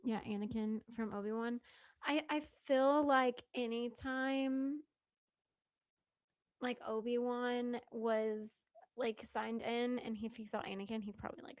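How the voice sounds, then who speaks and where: A woman's voice: a little high, steady tone, measured pace, smooth, no echo, studio quality. A young woman with a Southern American accent chatting casually on a live stream, giggly and chatty, often dropping into whispered asides. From Southern United States.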